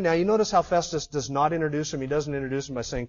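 A male preacher with a high voice delivers a sermon as a vivid story. He pauses to ask his listeners rhetorical questions. The recording sounds slightly muffled. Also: animated, darkish tone.

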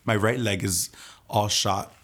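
A young man telling his personal testimony in a hushed, intense way, his voice often dropping almost to a whisper. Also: fairly low pitch, steady tone, a little slow. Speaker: testimony speaker.

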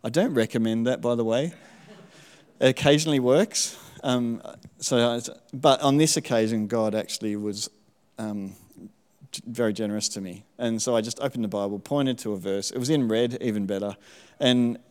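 A middle-aged man giving a sermon testimony in church, telling his story in a relaxed, self-deprecating way with frequent ums. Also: mid-range voice, moderate pace, clean tone, big-room sound. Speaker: church speaker sharing testimony.

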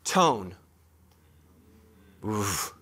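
Bright-voiced joking male preacher. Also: on the low side, very animated, drawn-out words, breathy edge. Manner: emphatic, joking preacher who talks straight to the congregation. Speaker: pastor. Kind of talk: sermon.

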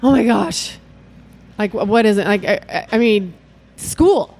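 A woman's voice: medium pitch, a little slow, darkish tone, a little hiss or hum. A middle-aged woman, a mother, chatting as an interview guest in a bubbly, rambling way, often laughing. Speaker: guest, event organizer and mother. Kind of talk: casual interview chat.

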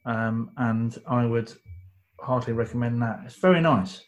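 A man's voice: mid-range voice, moderate pace. A man co-hosting a casual talk show, making wry, teasing asides. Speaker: podcast co-host. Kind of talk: casual chat.

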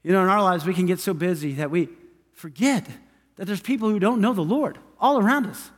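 High-voiced preaching pastor, reverberant hall. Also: male voice, fairly quick. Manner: emphatic, repetitive preaching cadence. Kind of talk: sermon. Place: church sanctuary.

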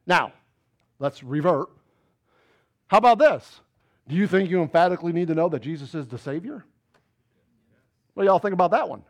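A man preaches a sermon in a high-pitched voice. He keeps asking the congregation questions, pushing hard on key points and then dropping low and quiet. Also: animated, brisk, long pauses. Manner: swings between loud emphatic bursts and low quiet asides. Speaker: pastor.

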